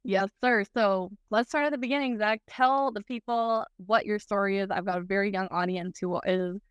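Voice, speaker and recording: A woman's voice: mid-range voice, fairly even intonation, normal speed, smooth, no echo, studio quality. A young woman hosting an interview, upbeat and enthusiastic as she introduces her guest and asks questions. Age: young adult. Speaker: interviewer and host. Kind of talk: podcast interview.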